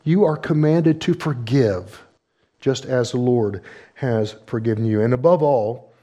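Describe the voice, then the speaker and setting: A man preaching a sermon as pastor, emphatic and full of rhetorical questions, rising and falling sharply in pitch and loudness and slowing down to stress key words. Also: highs cut off.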